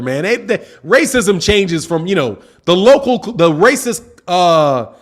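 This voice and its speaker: A man hosting a boxing channel, chatting casually to his live chat in slang, repeating himself for emphasis. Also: high voice. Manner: slangy, repetitive, talks to chat. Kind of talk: casual livestream commentary.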